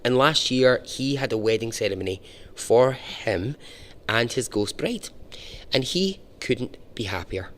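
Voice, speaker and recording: A man's voice: mid-range voice, expressive, a little slow, a bit bright. A man hosting a storytelling podcast, chatty and informal, with casual swearing. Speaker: podcast host.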